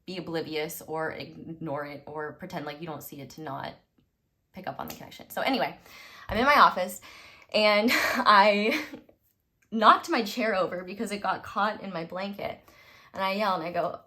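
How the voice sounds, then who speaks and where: Young woman rambling thru a storytime, lowish voice, keeps laughing and getting loud out of nowhere. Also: moderate pace. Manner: rambling, self-interrupting, laughs often; animated with sudden loud bursts. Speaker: tarot reader. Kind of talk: casual storytime monologue.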